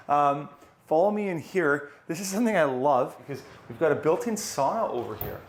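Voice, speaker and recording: A man's voice: on the high side, lively intonation, brisk, gravelly, a little hiss or hum. A man hosting a home tour, walking room to room and talking enthusiastically in a casual, conversational way, often repeating words for emphasis. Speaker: real estate tour host. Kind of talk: casual walkthrough of a house. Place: indoors, walking through a house.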